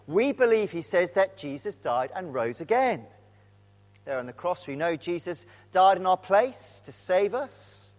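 A man preaching a sermon, earnest and animated, dropping to a hush at moments. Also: high voice, a little slow. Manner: earnest, animated storytelling with sudden drops to a hush. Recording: long hall reverb.

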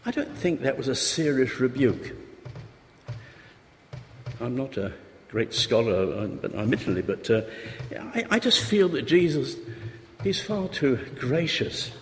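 A man preaching a sermon, conversational and full of rhetorical questions, sometimes acting out desperate pleas. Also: mid-range voice. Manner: conversational, rhetorical questions, acts out pleading voices. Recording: reverberant hall, faint noise.

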